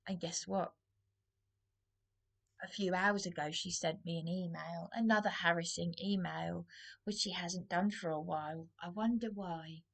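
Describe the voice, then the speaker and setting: A woman's voice: on the low side, a bit bright. An Englishwoman, out of breath and venting in an agitated, aggrieved, rambling monologue to the camera. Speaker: vlogger.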